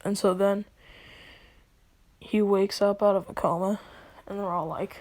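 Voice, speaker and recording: A woman's voice: medium pitch, fairly even intonation, a little slow, a little mellow. A woman casually retelling a comedic fan story in laid-back slang, laughing along as she goes.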